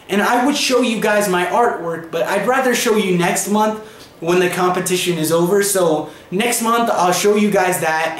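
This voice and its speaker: A young man recapping a comic book in a casual, chatty way, leaning on fillers as he goes. His voice sits high. The room around him gives a clear echo. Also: fairly bright tone. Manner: chatty, filler-heavy retelling. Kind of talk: casual video review.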